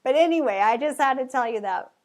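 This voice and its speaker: A woman's voice: high-pitched, expressive, fast talker. A woman talking as a podcast guest in a casual, chatty way, rambling with many fillers. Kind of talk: casual conversation.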